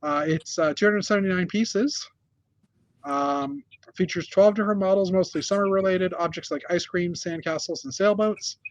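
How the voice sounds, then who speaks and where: A man's voice: high voice, normal speed, no room sound, dull audio. A man hosting a casual news chat from a hotel room, rambling with many fillers and restarts. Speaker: host.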